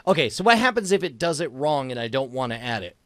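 A man hosting a podcast, chatting casually and excitedly while trying out dictation software, laughing often. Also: mid-range voice, quick pace, dry recording. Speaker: podcast host.

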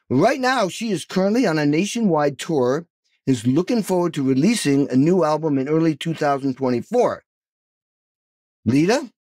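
A man's voice: on the high side, darkish tone, no echo. A man in his sixties hosting a podcast, enthusiastic and effusive as he introduces and questions his guest. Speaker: podcast host. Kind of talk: interview hosting.

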